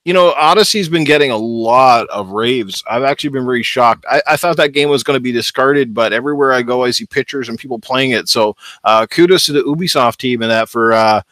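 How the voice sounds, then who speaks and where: A man's voice: mid-range voice, brisk, hardly any pauses, a bit bright, no echo, studio quality. A man hosting a casual gaming livestream, talking in an upbeat, chatty way and reading out viewer comments. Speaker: gaming show host.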